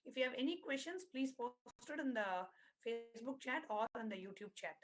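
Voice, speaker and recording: A woman with a high, light voice guides participants through a reflective exercise. She speaks earnestly and methodically, walking through each step and repeating key terms so nobody gets lost. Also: expressive, brisk. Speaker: spiritual workshop facilitator. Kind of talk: guided workshop instruction.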